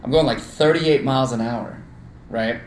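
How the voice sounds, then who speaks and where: A young man telling an animated, profane story in casual podcast chat, acting out the voices of the people in it. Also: mid-range voice, normal speed. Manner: animated storyteller, swears freely, acts out quoted voices. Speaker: podcast co-host. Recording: echoey room with faint noise.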